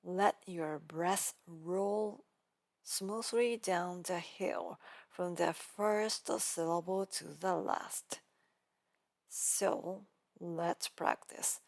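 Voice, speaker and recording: A woman giving a scripted pronunciation lesson. She is calm and careful, sets out each step and repeats the practice phrases. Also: on the low side, takes it slowly. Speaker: pronunciation teacher.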